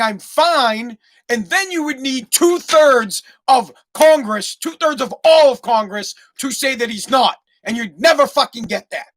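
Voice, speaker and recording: A man's voice: extremely high pitch, fairly bright tone. A man with an American accent hosting a podcast, delivering an angry, profane political rant and repeating his points. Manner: angry, swearing, repeats himself. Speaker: podcast host.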